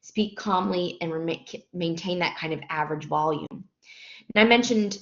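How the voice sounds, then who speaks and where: A woman's voice: lowish voice, normal speed. Conversational woman lecturing in a roomy space. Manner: conversational, frequent ums and self-corrections. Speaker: nursing instructor. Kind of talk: recorded lecture. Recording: dull, roomy lecture audio.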